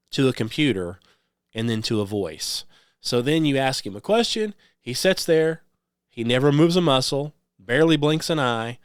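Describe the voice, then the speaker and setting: A man's voice: mid-range voice, no room sound. Rambling male radio host, dry sound. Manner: conversational, repeats "okay?" and "um" often. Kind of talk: rambling monologue.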